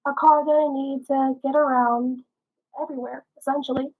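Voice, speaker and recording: A young woman with a slightly rough voice, giving a frustrated, earnest consumer testimonial in answer to questions. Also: sits high, level tone, moderate pace, phone-quality sound. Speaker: customer giving a review.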